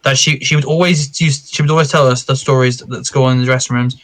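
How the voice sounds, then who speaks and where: A man co-hosting a podcast, chatting casually in a quick, rambling way full of "like" and restarts, on a home mic over an online call. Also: mid-range voice, fairly even intonation, a bit bright. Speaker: podcast co-host. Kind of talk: casual chat among friends.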